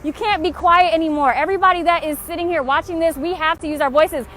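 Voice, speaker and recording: A young livestreamer with a very high, slightly bright voice makes frustrated, urgent appeals on a phone stream outdoors by a street, faint traffic and honking behind her. Tired and frustrated, she talks fast with hardly any pauses, repeating impassioned calls to action.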